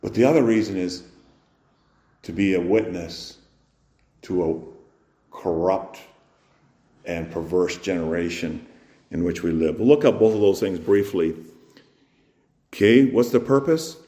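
A man preaching a sermon as pastor, firing rhetorical questions and swinging between loud emphasis and quiet, soft lines. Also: deep voice, unhurried, long pauses. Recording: roomy echo.

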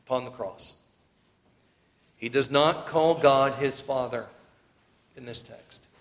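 A man's voice: mid-range voice, a bit bright. Man preaching in a reverberant hall. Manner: reads scripture aloud with rising emphasis. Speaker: pastor. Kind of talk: sermon with scripture reading.

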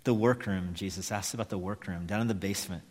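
A man's voice: deep voice, fast talker, darkish tone. A man preaching a sermon as pastor, telling a story and reading aloud, then closing in prayer. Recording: long hall reverb.

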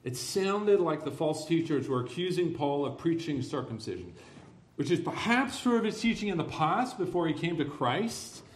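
Pastor, male, fairly high voice, emphatic sermon delivery with sarcastic asides, reverberant room. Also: big pitch swings, moderate pace. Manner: emphatic, building to forceful declarations.

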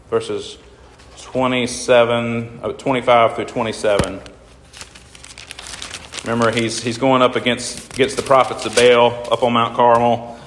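A man preaching a sermon to a congregation, asking them questions and reading scripture aloud. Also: medium pitch. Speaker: pastor. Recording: echoey hall reverb.

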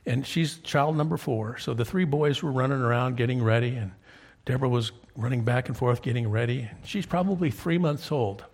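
A man in his fifties preaching, his voice gravelly with a husky edge at an ordinary pitch. He tells stories to the congregation in a conversational way, often pausing to ask "okay?" to check they follow. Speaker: pastor. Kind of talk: sermon.

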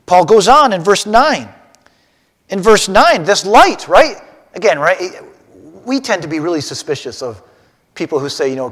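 A man teaching a Bible lesson to a class, animated and putting questions straight to his listeners. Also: high voice, unhurried, big-room sound.

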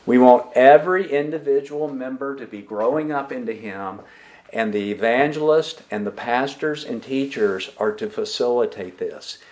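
A pastor preaching a sermon, asking the congregation questions and repeating their answers back. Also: male voice, mid-range voice, moderate pace. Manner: emphatic preaching with lively rises and drops.

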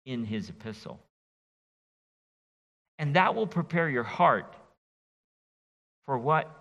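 In a reverberant church sanctuary with a long echo, a middle-aged pastor delivers an expository sermon, folksy and joking with his listeners. His mid-range voice is bright and forceful with lively inflection, though the audio sounds dull.

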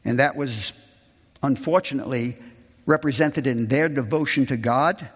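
A man's voice: normal speed, breathy edge, in a large hall. A man preaching a sermon, reading scripture aloud and calling his listeners "folks". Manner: reads scripture aloud, voicing the quoted people with raised pitch; addresses the congregation as "folks". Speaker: pastor.

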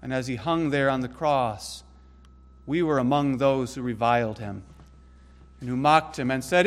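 A man preaching a sermon in an earnest way, rising to emphatic peaks and then dropping low and soft. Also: moderate pace.

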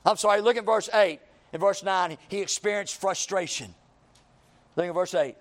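A man preaching a sermon, reading scripture in an old-fashioned cadence and swinging between impassioned shouts and low, quiet passages. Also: normal speed. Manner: rising to impassioned shouts, then dropping low.

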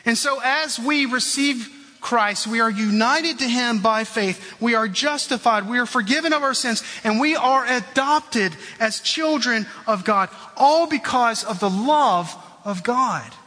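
A man delivers an earnest sermon from the pulpit, his voice pitched high and bright. He sinks low at the close of his phrases and keeps turning to his listeners as friends. A long reverb from the church hall trails behind every line. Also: unhurried. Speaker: pastor.

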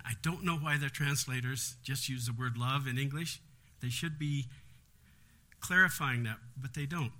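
A man's voice: mid-range voice, sharp tone. A man leading a Bible study in an earnest, explanatory way, with frequent conversational asides.

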